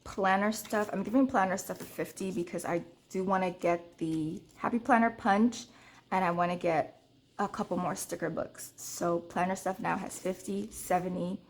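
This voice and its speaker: A young woman vlogging about budgeting, telling a story to her viewers in an animated, casual way. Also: normal speed, slight background noise. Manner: counts cash in a low murmur.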